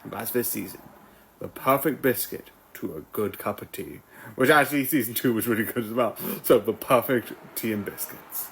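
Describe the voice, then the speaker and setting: A man's voice: mid-range voice, normal speed, a bit bright. A man from Britain reviewing a show in a casual vlog, rambling with many fillers and restarts. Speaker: video reviewer and streamer.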